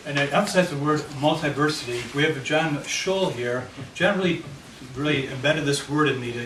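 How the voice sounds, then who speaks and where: A man presenting at a committee meeting, walking listeners through a handout map of his neighborhood. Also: a little high. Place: meeting room. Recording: echoey room, mic far off, noisy.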